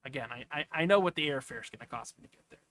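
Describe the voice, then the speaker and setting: A man's voice: medium pitch, animated, very fast, bright, forceful tone. A man giving casual, off-the-cuff commentary as he clicks through travel listings, rambling with asides. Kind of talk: casual screen-share commentary.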